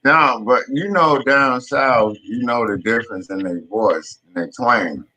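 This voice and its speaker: A man's voice: mid-range voice, measured pace, bright, forceful tone, poor audio. A man from the Southern United States with a Southern accent, chatting in laid-back slang in a casual group voice chat. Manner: laid-back slang, repeats "you get me".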